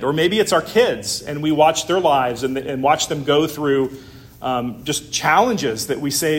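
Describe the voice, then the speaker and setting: A man's voice: a little high, moderate pace, fairly bright tone. A man preaching a sermon in a conversational way, with frequent fillers and an occasional light laugh. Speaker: pastor.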